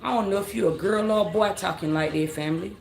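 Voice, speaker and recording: A woman's voice: medium pitch, quick pace, creaky, a little mellow. A woman reading tarot on a late-night live stream, talking casually in slang, rambling, repeating herself and calling her viewers family. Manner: rambling, repeats phrases, scolds commenters. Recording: roomy echo with faint background noise.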